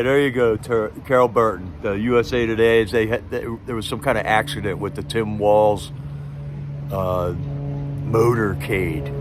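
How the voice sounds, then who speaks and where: A man's voice: fairly low pitch, noisy background. Rambling, sarcastic male stream host. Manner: rambling, sarcastic, with frequent restarts. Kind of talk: casual rambling chat.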